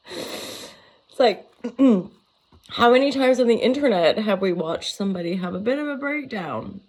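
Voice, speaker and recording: A woman's voice: a little high, lively intonation, measured pace, pauses often. A woman in her forties, a tarot reader, rambling playfully in a casual vlog, giggling and swearing freely. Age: 40s.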